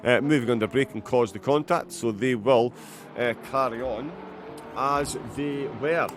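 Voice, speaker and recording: Brief: Scottish male race commentator, live and filler-heavy, excited by crashes, mid-range voice, slight background noise. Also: mid-range voice, measured pace. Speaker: sim racing commentator.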